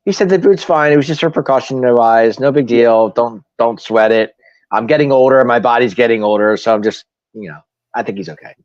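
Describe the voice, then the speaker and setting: A man co-hosting a casual sports talk show, laid-back and quick to laugh. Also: medium pitch, darkish tone, no echo. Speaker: co-host. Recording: dull, dry lo-fi audio.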